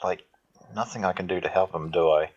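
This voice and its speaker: A male player thinks through the odds at a tabletop game. His voice sits on the low side, and the sound comes through a dull, lo-fi microphone. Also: steady tone, fairly quick, husky. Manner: questioning, analytical. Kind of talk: casual game chat. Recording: dull lo-fi mic.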